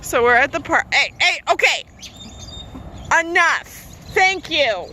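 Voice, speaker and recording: A woman's voice: sits high, sing-song, slow, pushed and bright, slight background noise. A woman dog trainer recording a casual vlog outdoors in a park, calling short commands and praise to her dog.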